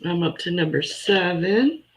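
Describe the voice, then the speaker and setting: A woman from Canada, co-selling on a live sale stream and calmly explaining her jewelry pieces. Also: on the low side, a little slow, low-quality recording. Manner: easygoing, explains pieces plainly. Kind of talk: live online sale chat.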